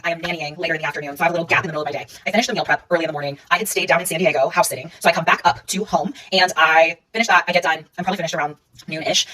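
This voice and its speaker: A woman telling a personal story in a casual monologue, rapidly recounting events and reading out text messages. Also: on the low side, pushed and bright, distant mic, low-quality recording.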